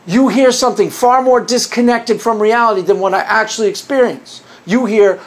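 This man has a high voice, speaks at normal speed and rarely pauses. Hosting his own video as a Christian apologist, he argues sarcastically and combatively straight to camera, deriding opponents' positions and often restarting or repeating what he says.

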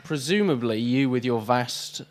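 A man's voice: mid-range voice, animated, normal speed. A young man co-hosting a comedy show, trading dry, wry quips. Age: young adult. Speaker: co-host. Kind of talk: comedic banter.

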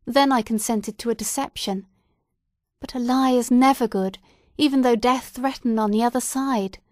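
A woman's voice: fairly high pitch, fairly even intonation, moderate pace, a little mellow, dry recording, clean studio sound, lightly acted. A woman voicing an anguished pleading woman. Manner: impassioned, raised and pleading.

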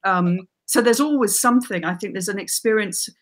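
A woman in her forties, a crime writer guest, chatting enthusiastically and telling lively stories. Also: mid-range voice, moderate pace. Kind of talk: casual chat.

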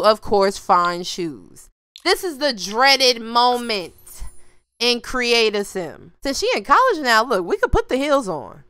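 A woman's voice: on the high side, clear, resonant tone, dry recording. A young woman giving casual, slangy commentary to viewers while playing a life-sim game. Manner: animated, slangy, talks to viewers while choosing outfits. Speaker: gaming YouTuber.

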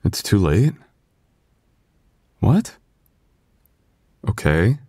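Low-voiced anxious husband guy played by a man, stammers a lot, soothing, asmr boyfriend roleplay, dry close mic. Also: sing-song, drawn-out words, warm tone, husky, no echo, heavily acted. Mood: puzzled. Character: loving young husband, anxious and apologetic. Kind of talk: ASMR boyfriend role-play.

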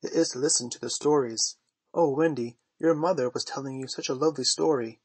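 A man's voice: mid-range voice, brisk, slightly rough, no room sound, lightly acted. A man reading aloud voices a cocky, sly boy who never grows up, speaking in a coaxing, wheedling way. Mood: eager.

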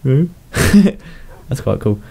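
A man's voice: medium pitch, big pitch swings, slow pace, vocal fry, warm tone, husky. A young man, chatting casually as he plays, talking to his pets and laughing often, sounding a bit unwell. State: slightly unwell, coughing. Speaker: gaming YouTuber. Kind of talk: casual game commentary.

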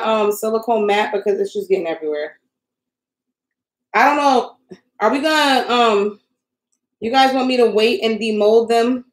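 Young woman host, flustered, self-mocking live-stream chatter, middle pitch, roomy echo. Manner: flustered, talks to viewers while crafting. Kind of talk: casual live-stream chat.

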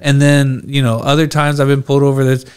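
A man's voice: mid-range voice, fast, smooth. A man casually retelling a story on a podcast, rambling with lots of fillers and quoting himself. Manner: rambling, animated retelling with many "like"s and acted-out quotes. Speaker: podcast co-host.

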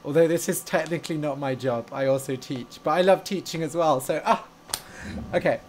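A man's voice: a little high, fairly quick, a little hiss or hum. A young man who teaches English and hosts a podcast. He chats casually with learners on a live stream, gushing and playful, and laughs easily.

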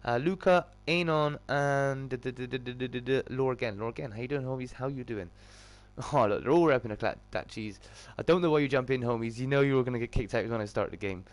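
A man hosting a live game stream, greeting viewers by name in a loud, excitable way with sudden jumps in pitch. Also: fast, hardly any pauses. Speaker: gaming streamer.

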